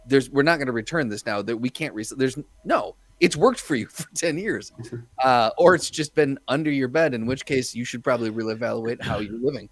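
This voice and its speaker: A man's voice: mid-range voice, fairly quick, no room sound. A man in a casual podcast chat, telling a wry story from his old job. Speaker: podcast co-host or guest.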